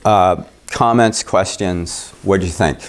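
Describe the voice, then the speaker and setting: Man, very low voice, pastor, casual class chat, rambling. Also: takes it slowly. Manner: chatty, rambling, self-deprecating. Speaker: pastor leading a Bible study.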